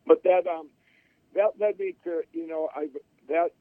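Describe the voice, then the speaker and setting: A man's voice: a little high, steady tone, a little slow, no echo. A middle-aged man telling his life story in an interview, rambling with restarts and acting out what others said. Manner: rambling, with many restarts and acted-out quotes. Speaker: interview guest. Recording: tinny phone-line audio.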